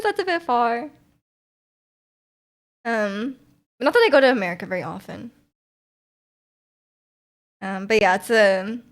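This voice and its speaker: A woman's voice: a little high, fairly bright tone. A young Canadian woman streaming, chatting with her viewers in a rambling, giggly way full of fillers. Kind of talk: casual chat with live chat.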